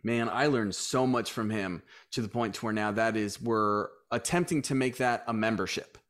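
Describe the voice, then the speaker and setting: Here a gym-owning guest with a lowish voice talks at an ordinary speed during a casual interview. He's an animated storyteller who plays out the words of everyone in his tales.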